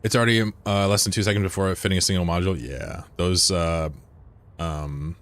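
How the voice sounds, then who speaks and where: Low-voiced guy streaming a game, chill and swearing, reading chat out loud. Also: normal speed. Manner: laid-back, profane, answers chat aloud. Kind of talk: casual livestream chat.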